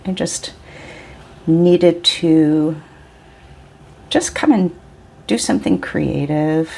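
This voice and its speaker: A woman's voice: fairly low pitch, slow pace, vocal fry, pauses often, darkish tone, slight background noise. A woman in her forties chatting casually and rambling a little as she tries out inks for her vlog. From Pacific Northwest of the US. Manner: chatty, rambling, self-interrupting. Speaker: vlogger. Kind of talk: casual chat while swatching inks.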